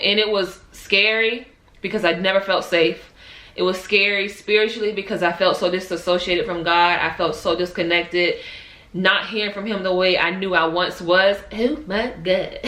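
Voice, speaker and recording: A woman's voice: mid-range voice, sharp tone, echoey room. A young adult woman, candidly telling an emotional personal story in a vlog. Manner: emotional, candid, Southern-tinged slang. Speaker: vlogger.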